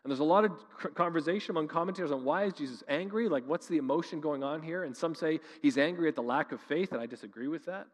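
Male preacher from Canada, passionate sermon delivery, somewhat high voice, long hall reverb. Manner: impassioned, swings between loud emphasis and quiet slow lines. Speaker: pastor.

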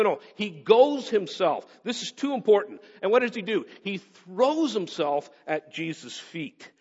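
Earnest male pastor in a reverberant hall. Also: fairly high pitch. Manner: earnest, emphatic, uses short repeated phrases. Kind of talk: scripture reading and sermon. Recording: dull sound with long hall reverb.

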